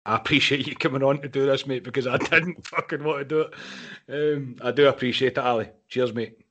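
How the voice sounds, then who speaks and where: A man's voice: medium pitch, a little fast, pushed and bright. A young Scottish man hosting a casual fan podcast, frustrated and swearing about a lost match. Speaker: podcast host.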